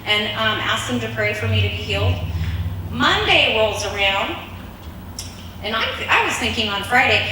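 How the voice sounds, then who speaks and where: A woman telling a personal testimony in a lively storytelling way, acting out the voices of the people in her story and laughing often. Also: fairly high pitch, moderate pace, long pauses, very echoey, distant mic, a little hiss or hum, low-quality recording.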